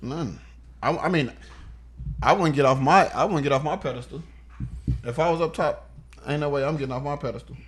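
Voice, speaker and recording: A young man co-hosting a podcast, telling stories in a casual, animated and profane way. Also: on the high side, fairly quick, pauses often, a little hiss or hum. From Chicago area. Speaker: podcast co-host. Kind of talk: casual chat.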